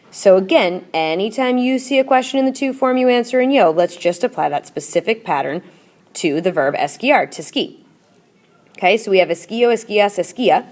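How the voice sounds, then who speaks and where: A woman's voice: fairly low pitch, darkish tone. A woman teacher in a recorded classroom video lesson, explaining patiently and repeating drills and chants. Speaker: Spanish teacher.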